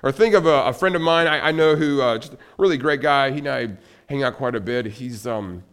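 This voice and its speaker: A man giving a church sermon in a conversational storytelling way, often restarting his sentences and dropping to a soft, low voice at heavy moments. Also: a little fast, smooth. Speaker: pastor. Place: church sanctuary.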